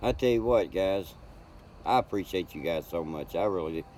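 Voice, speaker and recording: Older guy rambling to his chat from home, lowish voice, bit of road noise. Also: normal speed, darkish tone. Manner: folksy, rambling, greets chat by name. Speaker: livestream host. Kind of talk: casual chat with viewers.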